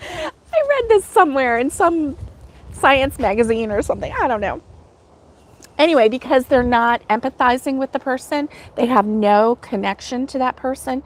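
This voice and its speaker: A middle-aged American woman with a bright, chatty and giggly manner, hosting a casual livestream and talking back to viewer comments. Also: high voice, lively intonation, normal speed. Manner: chatty and giggly, laughs often. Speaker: host of a crochet livestream.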